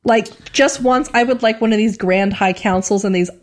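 A woman in a casual TV review chat, animated, laughing often and mimicking accents. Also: mid-range voice, normal speed. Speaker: podcast co-host.

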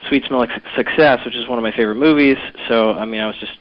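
A man's voice: mid-range voice, fast talker. A man caller leaving a hesitant, stammering voicemail over a phone line. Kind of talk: voicemail message.

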